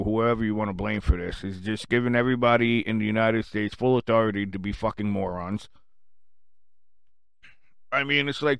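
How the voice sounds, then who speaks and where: Profane ranting man, smooth dry voice. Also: fairly low pitch, dry recording. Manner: angry, cursing, sarcastic; swings from muttering to shouting. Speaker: radio show host. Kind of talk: profane rant.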